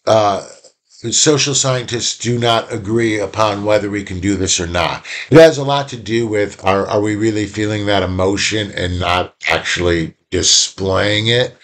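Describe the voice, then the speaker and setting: A man's voice: fairly low pitch, normal speed, a bit bright. A man giving an informal lecture on emotions, conversational with many fillers and restarts, acting out little quoted exchanges. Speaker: communication instructor.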